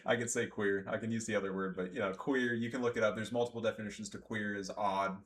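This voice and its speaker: A young man giving sarcastic, ranting gameplay commentary, jumping from yelling outbursts to low mumbling. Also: steady tone, fast talker, a little hiss or hum.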